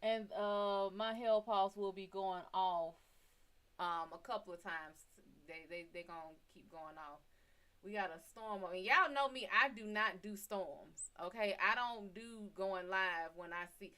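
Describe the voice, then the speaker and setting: A woman's voice: mid-range voice, a little slow, pushed and bright. A woman runs a live tarot reading in a loose, chatty way. She swears freely and talks to her viewers by name. She often leans away from her desk mic, so her voice comes and goes. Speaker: tarot reader hosting a live stream. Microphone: desk mic, often turned away from it.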